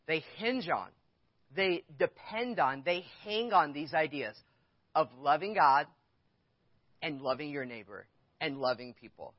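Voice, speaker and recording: A man preaching a sermon with a slightly raised pitch, casual and candid, talking straight to his congregation. The sound is dull and lo-fi, and very dry. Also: lively intonation, measured pace, dry recording. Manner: candid, conversational storytelling, addressing the congregation with questions. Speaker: pastor. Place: church.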